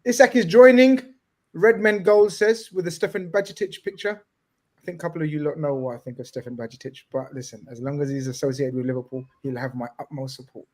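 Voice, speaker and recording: A man hosting a casual live-stream chat, excitable, shouting out viewers and swearing casually. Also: a little high, fast. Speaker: host.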